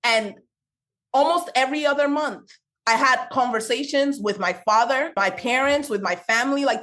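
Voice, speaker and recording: A young woman with a non-native English accent, talking passionately on a faith-based podcast in a quick, preachy storytelling way. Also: sits high, a bit bright. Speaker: podcast host, Christian business speaker.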